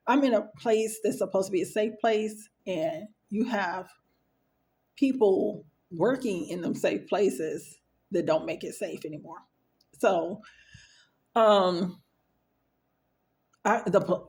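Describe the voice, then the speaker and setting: Woman with a gravelly edge telling a personal story. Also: medium pitch, dark tone. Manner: conversational, acts out quoted dialogue, frequent fillers. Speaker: storyteller sharing a personal experience.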